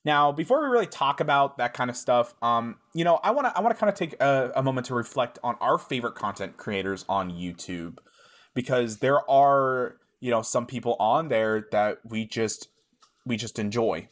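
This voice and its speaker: A man's voice: medium pitch, animated, moderate pace. A man co-hosting a podcast, rambling casually with lots of asides and filler words. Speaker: podcast co-host. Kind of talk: casual chat.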